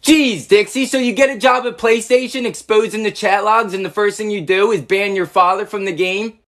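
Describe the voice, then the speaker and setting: A performer voicing a gruff, indignant middle-aged father in a comedy skit, speaking in a grumbling way. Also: medium pitch, steady tone, moderate pace, a bit bright, natural voice. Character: gruff middle-aged dad, irritated gamer.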